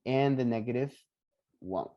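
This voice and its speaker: A man teaching English pronunciation on a video call, patiently repeating each word slowly for his students. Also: medium pitch, highs cut off. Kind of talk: online pronunciation lesson.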